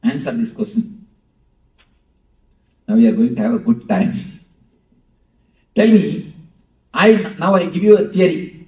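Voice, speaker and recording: Playful spiritual teacher. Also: male voice, a little high, mellow. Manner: playful, chuckling, talks with audience. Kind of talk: live spiritual discourse. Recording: roomy echo, distant mic.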